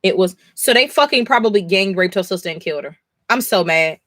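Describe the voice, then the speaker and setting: Woman streamer, mid pitch, dry close mic, blunt and emphatic, swears freely. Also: lively intonation, brisk, fairly bright tone, no echo. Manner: emphatic, swears often, talks to chat. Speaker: streamer reading comics live. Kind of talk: live comic reading reaction.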